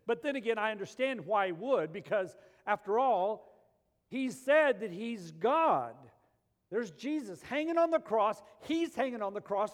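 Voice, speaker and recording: High-voiced preacher in a reverberant hall. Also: male voice. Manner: animated preaching, swings between loud emphasis and quiet intensity. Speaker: pastor. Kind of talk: sermon.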